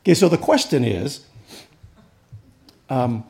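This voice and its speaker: A man's voice: mid-range voice, sing-song, takes it slowly, gravelly, darkish tone. A man preaching a sermon as pastor, conversational and joking with the congregation, rising and pressing when he drives a point home. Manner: conversational preaching with humor and audience asides.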